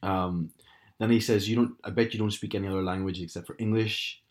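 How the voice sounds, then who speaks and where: A young man talks through an anecdote in easy, casual chat. His voice sits fairly low, and he laughs often as he tells it with dry, wry humour. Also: fairly even intonation, fairly quick. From Northern Ireland.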